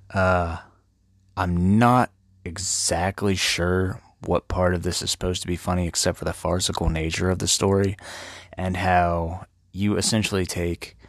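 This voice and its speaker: A man's voice: low-pitched, dry recording, clean studio sound. A man hosting an irreverent, profanity-heavy comedic retelling of a classic tale. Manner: profane, irreverent, laid-back. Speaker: host.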